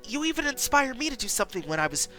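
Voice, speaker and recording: A woman's voice: fairly high pitch, sing-song, fast, soft background music, voice pushed up. Kind young male cameraman , read by a woman. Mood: encouraging. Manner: gentle, encouraging.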